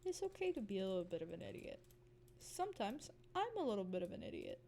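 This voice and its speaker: A woman livestreaming while she plays a game, chatting casually. She is goofy and playful, giggles often, and breaks into squeaky cries and mock whispers. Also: sing-song, quick pace, dark tone, a little hiss or hum. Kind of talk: casual live-stream chatter while gaming.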